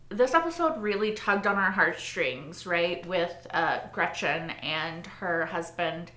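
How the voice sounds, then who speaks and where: A woman's voice: fairly low pitch, pushed and bright, echoey room. A woman hosting a reaction video, gushing and emotional, swearing casually as she talks. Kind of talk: excited casual reaction chat.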